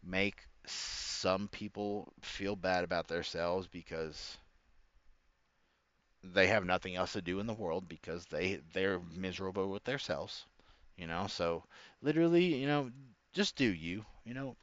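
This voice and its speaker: Guy doing a rambly reaction rant, calls everyone bro, smooth voice, dry room. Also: low voice, a little slow, fairly bright tone, no echo, dull audio. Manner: rambling, slangy, keeps saying bro. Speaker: commentator.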